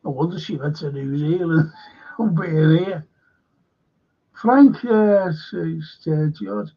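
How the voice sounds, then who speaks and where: A man's voice: on the high side, lively intonation, slow, slightly rough. A man with a Liverpool accent hosting a casual livestream as a historian, chatting in a rambling way, swearing freely and reading out viewer comments. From Liverpool, England. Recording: dull lo-fi stream audio.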